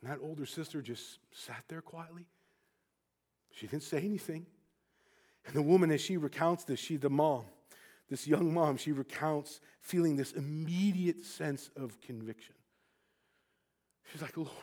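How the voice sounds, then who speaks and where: Male preacher, high light voice, storytelling sermon that dips hushed then surges passionate. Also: animated, measured pace. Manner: wide swings from hushed to impassioned.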